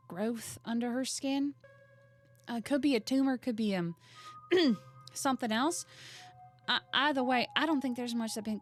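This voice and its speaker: Woman voicing an excitable young woman monster hunter, chatty and breathless, game character. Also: on the high side, natural voice.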